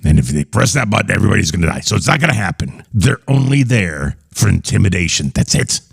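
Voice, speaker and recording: A man's voice: sits low, sing-song, quick pace, vocal fry, slightly rough, no echo, studio quality. A man hosting a comedy show, reacting to clips with rambling, dismissive jokes. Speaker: show host.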